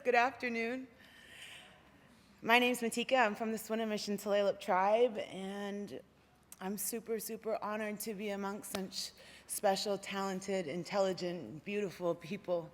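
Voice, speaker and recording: Slow, earnest woman speaking in a hall. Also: mid-range voice, fairly even intonation, fairly bright tone, slight background noise. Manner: earnest, heartfelt, unhurried. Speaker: photographer giving a talk. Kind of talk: public speech. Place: lecture hall stage. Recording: long hall reverb.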